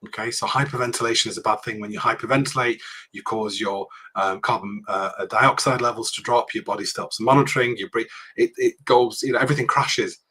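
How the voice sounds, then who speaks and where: A man delivers a public speaking workshop to students in a lecture room. His voice is bright and a little husky, and he talks in a loose, conversational way, often checking in with "okay" and restarting his sentences. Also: mid-range voice, fairly even intonation, brisk. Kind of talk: university workshop talk.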